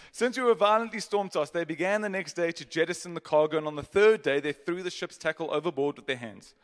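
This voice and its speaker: A man preaching a sermon, reading scripture with dramatic emphasis and joking asides to the congregation. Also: on the high side. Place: church auditorium. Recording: long hall reverb.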